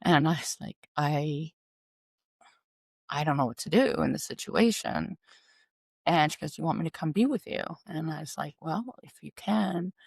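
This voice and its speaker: A woman's voice: sits low, normal speed, creaky, darkish tone, breathy edge, dry recording. A middle-aged woman earnestly retelling a personal story, acting out the dialogue as she goes.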